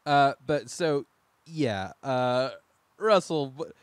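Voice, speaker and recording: A man's voice: mid-range voice, lively intonation, slow pace, clean tone, no room sound. Joking young man hosting a chat. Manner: joking, laughs often, stumbles and restarts. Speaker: podcast host. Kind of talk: casual chat.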